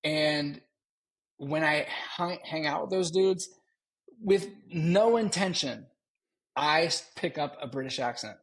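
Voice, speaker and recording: Middle-aged guy rambling through a story on a podcast, gravelly kinda husky voice. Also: fairly high pitch, lively intonation, a little slow, fairly bright tone, rough recording. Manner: rambling storyteller, laughs easily. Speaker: podcast co-host. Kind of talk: casual chat.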